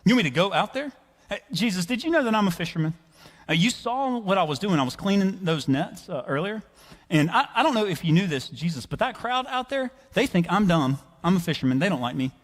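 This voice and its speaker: A man's voice: a little high, big pitch swings, fast talker, breathy edge. A man voicing an anxious male fisherman who makes excuses, whiny and exaggerated. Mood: pleading. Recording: reverberant church hall.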